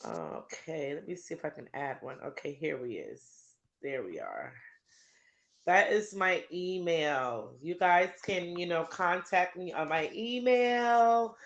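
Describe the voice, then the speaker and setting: A woman hosting a casual livestream. She chats to viewers and laughs often while she sorts out her settings. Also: medium pitch. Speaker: livestream host.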